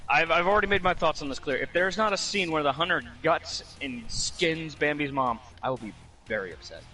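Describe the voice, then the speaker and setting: A man joking and swearing loudly while chatting with friends during a game stream. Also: on the high side, animated, brisk, faint music behind. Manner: loud, joking, swearing banter. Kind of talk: casual gaming chat with friends.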